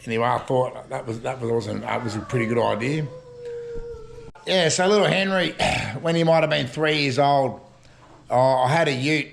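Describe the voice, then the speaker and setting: A gravel-voiced older Australian bloke rambles through a yarn, full of slang and little chuckles. He talks at an everyday pitch, easy and unhurried, like he's chatting at home. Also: slight background noise. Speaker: storytelling vlogger. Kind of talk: casual yarn-spinning.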